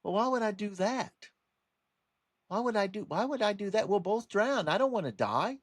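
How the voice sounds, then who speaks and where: A sly, scheming scorpion from a fable, as a man puts him on speaks in a high, pushed, smug voice. He wheedles and sneers. The sound is dry and close. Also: animated, moderate pace, no echo. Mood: pleading innocence.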